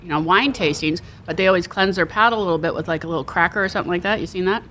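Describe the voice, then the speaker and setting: A woman's voice: on the low side, racing, sharp tone. A woman co-hosting a podcast in casual chat from a restaurant, rambling and self-deprecating, often restarting. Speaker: podcast co-host.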